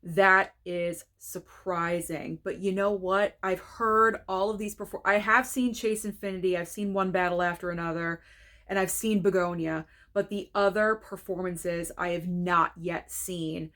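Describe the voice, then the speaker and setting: A woman film reviewer talking casually to camera, excitable and gushing, with frank opinions. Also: on the low side, measured pace. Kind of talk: casual reaction video.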